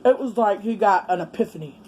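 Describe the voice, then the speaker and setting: A middle-aged woman, chatting casually as a vlogger while eating, exclamatory and quick to laugh. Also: mid-range voice, a little mellow, a little hiss or hum. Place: home, with a fan running.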